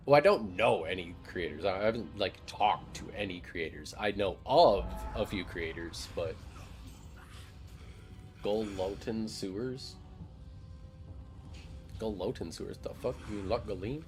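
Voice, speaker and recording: A young game streamer with a lowish voice chats with his live audience at an unhurried pace, pausing often. He's loose and joking, swearing frequently as he banters with chat. Soft music plays in the background.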